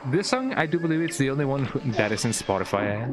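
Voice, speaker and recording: Guy streaming a game, lively voice, says eh a lot, game music going behind. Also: mid-range voice, fast talker. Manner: rambling, tags lines with "eh?". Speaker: gaming streamer. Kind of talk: casual let's play commentary.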